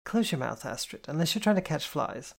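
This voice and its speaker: A reader putting on a bossy, teasing older sister who plays the disciplinarian, her voice pitched well above the narrator's and clipped with mock patience. It is storybook character work from an audiobook reading, brisk and commanding. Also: big pitch swings, creaky. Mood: stern.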